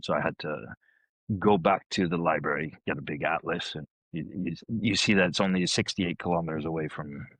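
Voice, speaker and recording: A man in his fifties, a podcast guest telling stories in a lively way and acting out the people he quotes. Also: very deep voice, brisk, slightly rough, no room sound. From Canada. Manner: animated storyteller who acts out quoted people. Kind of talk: casual storytelling.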